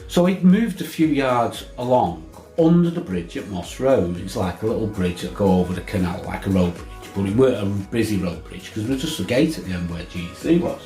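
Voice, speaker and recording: A man's voice: fairly low pitch, expressive, fairly quick, hardly any pauses, mellow, echoey room, soft background music. Man telling a laughing tale. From England. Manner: swearing, laughing anecdote teller with many restarts. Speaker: fishing vlogger. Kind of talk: casual storytelling.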